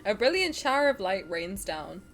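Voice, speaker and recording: A woman's voice: mid-range voice, sing-song, moderate pace, background noise. A young woman streaming, chatting casually with crude jokes and lots of giggling, and reading story text aloud between remarks. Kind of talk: casual reaction stream chat.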